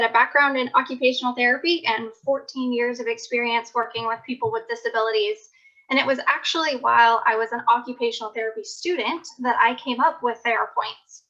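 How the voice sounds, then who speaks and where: A woman founder presents over a video call, telling how her venture began in an earnest way. Her voice sits fairly high and sounds bright and forceful. The call audio is muffled and lo-fi.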